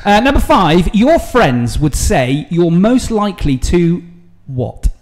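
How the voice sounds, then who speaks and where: A man hosting a casual quick-fire interview, playful and teasing, laughing often. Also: high voice, sing-song. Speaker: podcast host.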